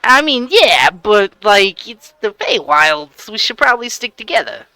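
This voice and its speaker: A woman's voice: mid-range voice, very animated, unhurried, pushed and bright, clean tone, no echo. A woman playing in a tabletop game, speaking in character in an easygoing, hedging way. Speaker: player.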